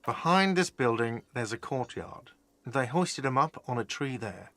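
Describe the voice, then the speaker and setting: A man's voice: medium pitch, animated, unhurried, sharp tone, no echo. A man voicing an irritable, defensive male cafeteria manager in a video game, curt and sarcastic. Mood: irritated, sarcastic.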